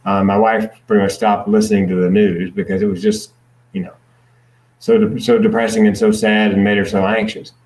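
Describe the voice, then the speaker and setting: A man's voice: lowish voice, steady tone, a little fast, a little mellow, reverberant, rough recording. A man speaking as a podcast guest, explaining things earnestly with dry jokes. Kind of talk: podcast conversation.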